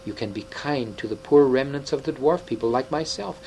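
A wise, sorrowful old half-dwarf scholar speaks with grave tenderness, as a male reader puts him on. His voice sits at an ordinary pitch. A faint hum runs behind him. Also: animated, fairly quick, mellow, close to an everyday voice, poor audio. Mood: earnest.

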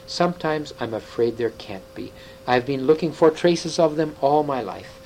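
A wise, sorrowful old half-dwarf scholar speaks with grave tenderness, as a male reader puts him on. His voice sits at an ordinary pitch. A faint hum runs behind him. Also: lively intonation, moderate pace, darkish tone, close to an everyday voice, rough recording. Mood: earnest.

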